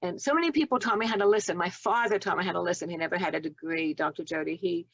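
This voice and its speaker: A woman's voice: on the low side, fast, vocal fry, dry recording, dull audio. Earnest woman in her seventies. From United States. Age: 70s. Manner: earnest, heartfelt, gentle storyteller. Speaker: guest, retired nurse and author. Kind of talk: reflective storytelling interview.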